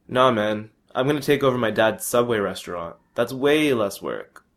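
A man's voice: mid-range voice, expressive, normal speed, a bit bright. A man voicing his cocky young male friend, who talks in laid-back slang and boasts about his game.

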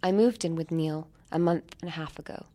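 A woman reading her own short story aloud in a measured way, sometimes dropping to near-whispers. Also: sits low, dark tone. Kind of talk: literary reading.

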